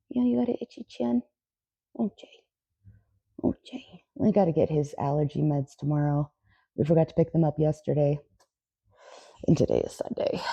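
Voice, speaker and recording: Low gravelly woman vlogging at home. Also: warm tone, dry recording. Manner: chatty, swears casually, talks to her dog. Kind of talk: casual chat. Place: home, indoors.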